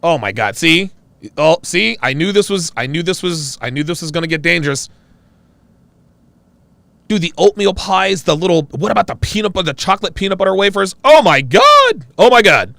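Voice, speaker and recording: A man hosting a casual live-stream chat, reacting excitedly with loud exclamations. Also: high voice, fairly quick, gravelly, no room sound.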